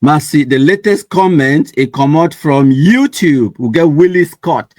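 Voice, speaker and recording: Laughing Cameroonian Pidgin-speaking host. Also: male voice, a little high, lively intonation, unhurried, darkish tone, no room sound. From Anglophone Cameroon. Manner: laughs often, switches between Pidgin and English. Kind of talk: casual commentary reading viewer comments.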